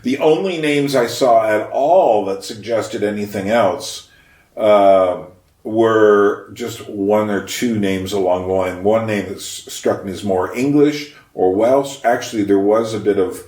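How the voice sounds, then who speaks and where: A man talking about history in a casual, reflective monologue, thinking aloud with frequent pauses. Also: fairly low pitch, a little mellow. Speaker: history vlogger. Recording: roomy echo, mic at a distance.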